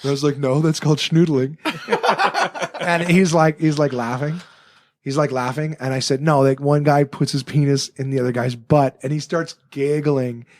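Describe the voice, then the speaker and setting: A man who is a comedian, telling a story on a podcast in casual chat, animated and swearing freely. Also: on the high side, moderate pace.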